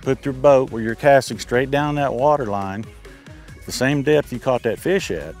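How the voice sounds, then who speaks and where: A man's voice: mid-range voice, normal speed, a little mellow, faint music behind. An older man, talking through fishing tips in a folksy, easygoing way from a boat on a lake. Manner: folksy, easygoing, explains step by step. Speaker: angler giving fishing tips. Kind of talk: casual outdoor instruction.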